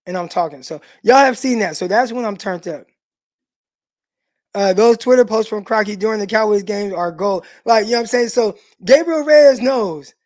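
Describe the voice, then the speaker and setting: A relaxed middle-aged man hosts a sports livestream in an easygoing, conversational way. He speaks directly to his viewers, reads out their comments, and fills his talk with casual "like"s. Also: sits high, normal speed. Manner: laid-back, loose and chatty, with lots of "like" fillers; talks straight to the live chat and reads out viewer comments. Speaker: sports show host.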